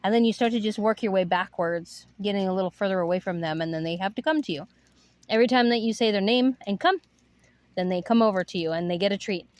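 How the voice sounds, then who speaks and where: A woman's voice: mid-range voice, quick pace, no room sound. A woman who runs an animal rescue, chatting casually and giving upbeat tips on training dogs. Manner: chatty, upbeat, full of fillers.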